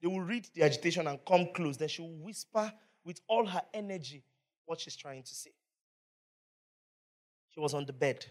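A preacher telling a story in a sermon, animated and stopping to ask the listeners questions. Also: mid-range voice. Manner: animated, asks the audience questions.

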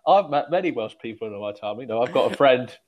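A man's voice: medium pitch, animated, fast talker. A man hosting a podcast in casual chat, rambling with lots of "like" and teasing his guests. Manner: rambling, heavy use of "like", teasing. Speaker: podcast host.

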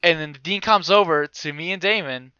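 A young man casually telling a story, animated and swearing freely, acting out other people's voices. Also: on the high side, fairly quick, clear, resonant tone, dry recording, muffled recording.

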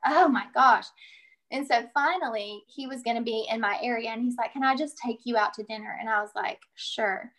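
A middle-aged woman telling a personal story as an interview guest, chatty and earnest, with many fillers. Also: fairly high pitch. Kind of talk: casual storytelling.

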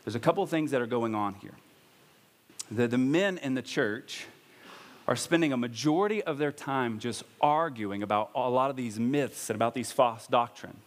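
In a church hall, a pastor preaches a sermon in a conversational manner, with bursts where he raises his voice for emphasis. He has a mid-range voice at normal speed, and the hall's long reverb fills the recording.

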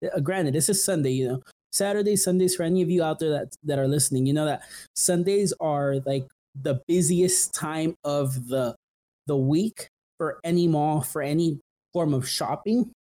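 Young male podcast host, mellow tone, loose rambling storyteller with lots of filler words. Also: a little high, moderate pace. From San Fernando Valley, California. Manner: rambling, full of "like" and "um", restarts often. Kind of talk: casual storytelling.

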